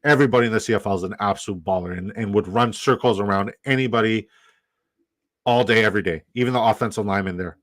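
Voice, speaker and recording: A man from Canada talking loosely on a live stream, rambling and cursing and saying things twice. His voice sits low, and the sound is dry and close with no room echo. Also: fast, a bit bright. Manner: rambling, profane, repeats himself. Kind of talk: casual live-stream chat.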